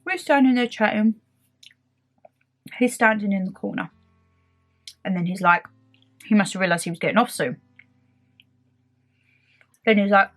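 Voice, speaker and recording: A young woman, telling a story in a casual, animated and indignant way. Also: mid-range voice, normal speed, long pauses, soft background music. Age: young adult. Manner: animated, indignant retelling with quoted back-and-forth. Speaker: beauty vlogger.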